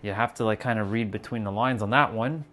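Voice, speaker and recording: This livestream host has a fairly low, slightly bright voice and talks briskly, with faint background noise. Cooking in his home kitchen, he shares casual, reflective thoughts on spirituality with his chat, full of fillers and restarts.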